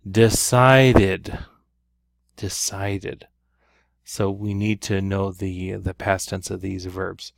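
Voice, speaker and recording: A low, gravelly-voiced male teacher talks through a Spanish grammar lesson at an unhurried pace. He explains each step patiently and keeps checking in with his listeners. The recording is close and dry. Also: dry recording.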